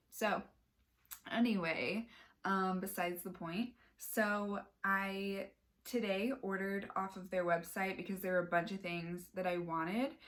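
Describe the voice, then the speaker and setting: A woman's voice: fairly low pitch, fairly bright tone. A young woman from Sacramento, California, chatting casually through a shopping haul vlog, rambling with lots of fillers and "like". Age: young adult. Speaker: vlogger.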